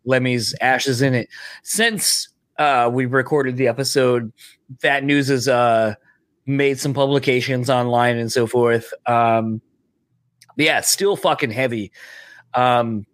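A man's voice: mid-range voice, fairly even intonation, slow pace, no echo, clean studio sound. Casual swearing podcast co-host, a man. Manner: loose, swearing, many fillers. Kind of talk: casual chat.

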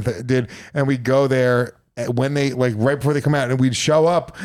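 A man trading crude, teasing banter on a podcast, swearing freely. His voice sits at an ordinary pitch for a man. The sound is close and dry, with no room around it. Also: fairly even intonation, normal speed, a little mellow, no echo. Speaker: podcast guest and comedian.

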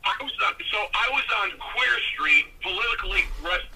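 A man's voice: high voice, normal speed, over a noisy crowd, rough recording. An older man telling a wrestling-days story in casual talk, acting out the voices of the people in it. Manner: animated, acts out voices of others. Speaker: guest storyteller.

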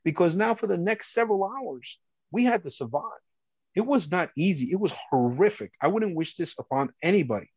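A man's voice: high-pitched, animated, a little fast, slightly rough, no room sound, highs cut off. A former police officer telling his own story as a podcast guest, intense and emphatic, repeating phrases for weight. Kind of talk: emotional first-person storytelling.

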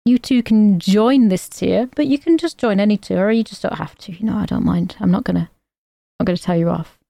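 A woman's voice: mid-range voice, fairly quick, vocal fry, mellow, no echo, clean studio sound. A woman co-hosting a casual podcast, giggly as she reads out thanks to supporters. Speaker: podcast co-host. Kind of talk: casual chat.

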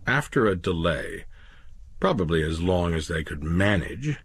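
A man narrating a science fiction story with slow, measured storytelling. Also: low voice, big pitch swings, breathy edge, no room sound.

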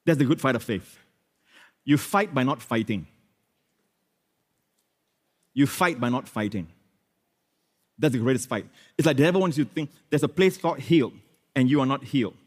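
A man preaching a sermon in church as pastor, switching between loud, emphatic exclamations and hushed, prayerful phrases, with many repetitions and hallelujahs. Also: mid-range voice, lively intonation, moderate pace, pauses often, big-room sound. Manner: repeats phrases, frequent hallelujahs and amens.

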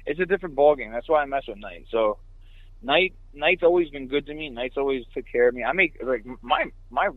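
A man from New York City, a truck driver, telling a story in casual chat with quick laughing asides. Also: mid-range voice, no room sound. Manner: fast, animated, laughing asides. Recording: dry tinny phone line.

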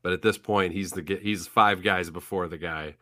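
Low-voiced wry man on a sports podcast. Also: fairly even intonation, normal speed, bright, forceful tone, no echo. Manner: wry, mocking, slips into silly put-on voices. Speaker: podcast co-host. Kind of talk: casual sports chat.

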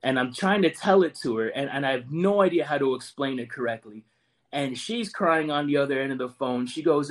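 A man's voice: mid-range voice, brisk. Earnest guy in his 40s, ex-marine, telling his story, stumbles over repeated words. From United States. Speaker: podcast guest, Marine veteran. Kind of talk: personal storytelling.

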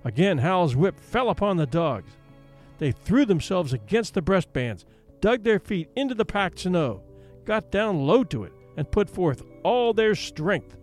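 Expressive male storyteller, lively pitch. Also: unhurried, faint music behind. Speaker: audiobook narrator. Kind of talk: scripted narration.

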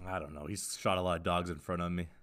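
A man's voice: low voice, fairly even intonation, quick pace, a bit bright, clean tone. A man co-hosting a podcast, rambling and joking in casual chat. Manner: rambling, joking, lots of fillers. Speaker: podcast co-host.

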